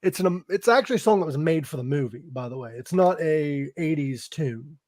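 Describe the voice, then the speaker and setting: A man's voice: on the high side, expressive, fairly quick, darkish tone. A man hosting a podcast, giving a loose, profane, casual recap of a film, full of fillers like "um" and "like". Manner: loose, profane retelling with frequent fillers and laughs. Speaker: podcast host.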